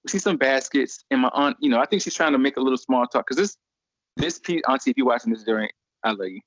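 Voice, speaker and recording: Young man, relaxed story, voices quotes, dry lo-fi mic. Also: medium pitch, quick pace, no echo. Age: young adult. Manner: animated, acts out voices in quotes. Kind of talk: casual storytelling. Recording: dry, dull lo-fi recording.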